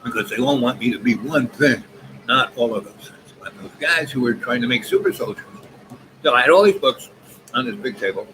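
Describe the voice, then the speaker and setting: A man's voice: mid-range voice, expressive, brisk. A man in his seventies rambling through a long personal story with many asides. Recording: noisy background ambience.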